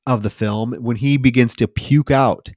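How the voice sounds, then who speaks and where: A man co-hosting a podcast recaps a movie casually, performing its lines and leaning on fillers. His mid-range voice is fairly even, a little slow, and darkish, and the recording is dry.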